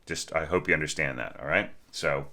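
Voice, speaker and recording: Deep, bright-voiced music teacher singing examples. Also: male voice, fairly quick. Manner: sings phrases and articulations aloud as examples; chatty, apologetic, frequent fillers. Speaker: orchestration teacher reviewing scores. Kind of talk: casual score critique.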